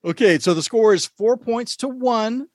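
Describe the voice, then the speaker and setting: A man hosting a casual podcast quiz, playful and quick to laugh. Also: extremely high pitch, dry recording. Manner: playful, laughs often, lively delivery. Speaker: quiz show host.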